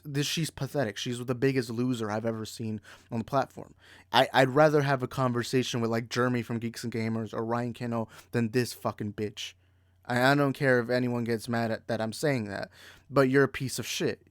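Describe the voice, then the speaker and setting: A man in full rant mode, angry and heated, swearing freely and tripping over his own restarts. His voice sits at an ordinary middle pitch. The sound is close and dry, with no room around it. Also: no room sound. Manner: repeats and restarts in bursts. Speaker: movie podcast host. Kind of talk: ranting commentary.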